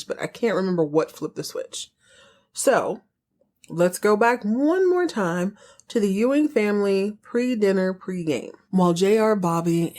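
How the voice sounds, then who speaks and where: A woman's voice: fairly low pitch, darkish tone. A woman podcast host giving a chatty, sassy recap of a TV episode, wandering off on tangents as she goes.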